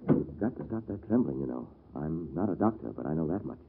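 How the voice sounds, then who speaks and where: A man's voice: extremely low pitch, animated, quick pace, creaky, noisy background, full character voice. An actor playing a wry, self-assured male lawyer in an old-time radio drama, with a dry, teasing manner. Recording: lo-fi vintage radio recording.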